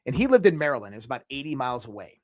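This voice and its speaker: A man telling a personal story as a podcast guest, animated and casual, often restarting his sentences and swearing now and then. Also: mid-range voice, racing.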